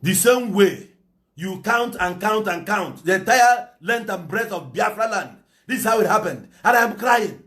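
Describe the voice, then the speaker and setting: A man's voice: high-pitched, lively intonation, a little slow, fairly bright tone. A Nigerian man with an Igbo English accent giving a fiery, preachy monologue and slipping into Igbo phrases. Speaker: political commentator. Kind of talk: impassioned monologue.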